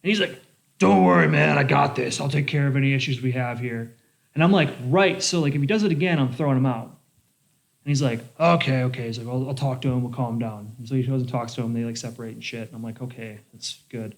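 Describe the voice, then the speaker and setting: Young male bartender, mid-pitch, casual storyteller, profane and animated. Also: fast talker, creaky. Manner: animated, swears a lot, lots of "like". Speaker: bartender podcast host.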